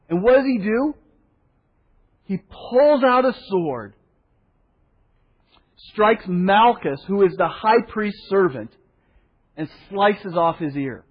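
A pastor preaching a sermon, telling the story with animated voices for the people in it and a soft hush for solemn points. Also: male voice, high voice, takes it slowly, husky. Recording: dull sound in a hall with long reverb.

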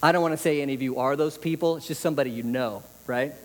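A man's voice: medium pitch, fast. Man preaching in a reverberant hall. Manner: conversational, repeats phrases for emphasis. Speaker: pastor. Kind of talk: sermon.

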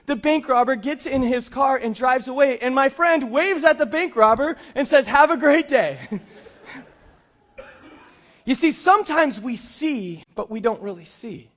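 Male pastor, sermon, acts out dialogue, high voice. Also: unhurried, highs cut off. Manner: animated storyteller, acts out dialogue. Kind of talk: sermon with storytelling.

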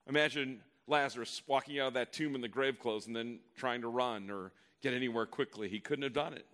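A man's voice: mid-range voice, fairly quick, hardly any pauses, a bit bright. A male pastor preaching a sermon in an earnest, emphatic way, often repeating words as he builds a point.

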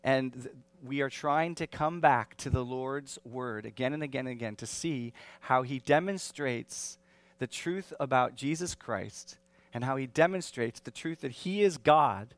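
A pastor preaching a sermon in an animated, conversational way, often restarting his phrases and adding asides. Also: medium pitch, a little slow, no room sound.

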